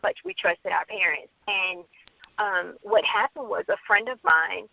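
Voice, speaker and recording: A woman's voice: mid-range voice, a little slow, vocal fry, no room sound, highs cut off. A woman from the Bronx, an author guest, telling her story candidly in an interview and acting out quoted dialogue. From Bronx, New York.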